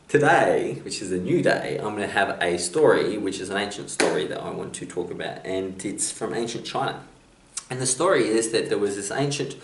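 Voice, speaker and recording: A man telling motivational stories on his vlog, in a rambling, jokey way with many restarts. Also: fairly low pitch. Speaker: motivational vlogger. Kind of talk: casual motivational storytelling. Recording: echoey room, distant mic, faint hiss.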